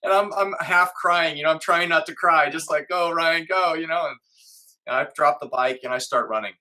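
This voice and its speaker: A middle-aged man recounts a hard personal story as an interview guest. His voice is bright and a little tense, and he speaks earnestly, acting out the thoughts he had at the time. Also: a little high, a little fast. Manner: earnest, acts out his own inner voice.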